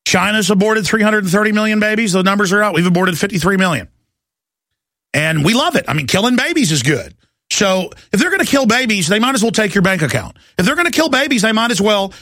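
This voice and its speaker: A man hosting talk radio delivers an impassioned, ranting monologue that keeps climbing into shouts. His voice is gravelly and forceful, set a bit high for a man. The sound is close and dry. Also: dry recording. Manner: ranting, shouting, repetitive, urgent. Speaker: radio talk show host.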